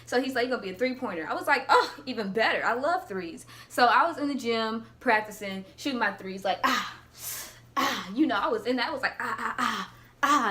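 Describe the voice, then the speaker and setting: A young woman tells funny stories to her camera. Her voice is bright and rather high, and she acts out each quote with animated energy. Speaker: vlogger. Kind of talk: casual storytelling.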